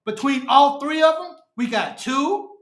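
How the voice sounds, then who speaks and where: A man's voice: very high-pitched, animated, unhurried, a bit bright. A man hosting a fan show, ranting after a game, frustrated and repetitive. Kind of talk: post-game fan rant. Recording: echoey room.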